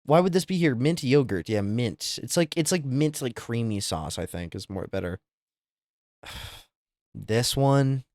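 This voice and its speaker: Animated young man reacting on stream. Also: medium pitch, unhurried, no room sound, clean studio sound. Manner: incredulous, swearing, exaggerated reactions. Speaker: live streamer. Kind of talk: casual live-stream chat.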